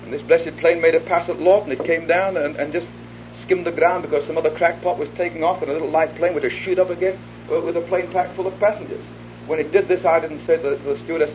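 A man preaching an evangelistic sermon to a live gathering, his voice sitting slightly high. He talks earnestly, acts out little exchanges, and sinks to a close hush when he makes his appeal. The recording is a dull, lo-fi old tape with a faint hiss underneath. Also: steady tone, fast talker. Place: hall before a live audience.

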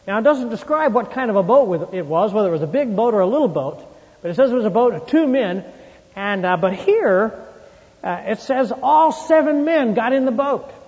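A man preaching a sermon in an animated, folksy storytelling way, acting out quotes, recorded with dull lo-fi sound and long hall reverb. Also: very high voice.

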